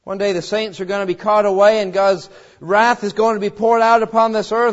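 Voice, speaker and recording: A man preaching a sermon in an emphatic way, swinging between loud exhortations and quiet, low passages. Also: little pitch movement, brisk, lo-fi sound. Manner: emphatic preaching with wide swings in pitch and loudness.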